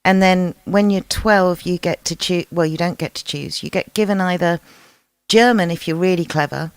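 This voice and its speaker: A woman co-hosting a casual chat, brisk and wry. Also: on the low side, smooth, dry recording, poor audio. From Britain. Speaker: co-host.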